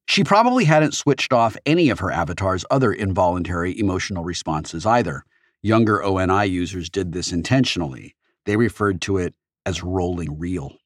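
A man reading a first-person audiobook in an expressive storytelling manner, recorded on a studio microphone. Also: low-pitched, no room sound. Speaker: audiobook narrator. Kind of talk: scripted audiobook narration.

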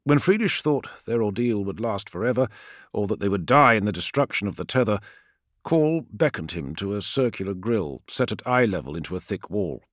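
Expressive male audiobook narrator. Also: lowish voice, a little fast, no echo, clean studio sound. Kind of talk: scripted narration.

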